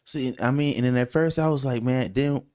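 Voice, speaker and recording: A man's voice: mid-range voice, a little fast. A man co-hosting a casual podcast, telling stories loosely and with jokes. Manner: loose, animated storytelling with jokey put-on voices. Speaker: podcast co-host.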